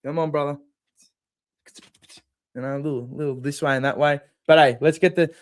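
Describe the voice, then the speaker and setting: A man's voice: fairly high pitch, little pitch movement, normal speed, long pauses, a little mellow, clear, resonant tone, dry recording. An Australian man hosting a live post-game fan stream, reading chat and bringing in callers with blunt, profane, sarcastic banter. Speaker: fan channel host.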